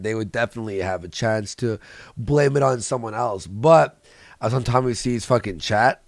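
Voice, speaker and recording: A man's voice: fairly low pitch, dry recording. A man hosting a livestream in casual, crude, joking banter, laughing often. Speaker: livestream host.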